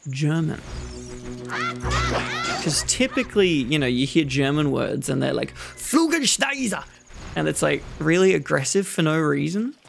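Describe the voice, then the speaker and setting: A host giving relaxed, rambling ASMR gameplay commentary, low energy and self-mocking, with game music behind. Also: moderate pace, creaky. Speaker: gaming channel host. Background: video game music.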